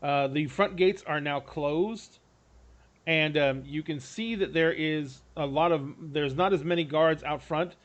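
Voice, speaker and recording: A man's voice: on the high side, measured pace. A man running a tabletop game as game master, describing scenes in a rambling way with frequent restarts.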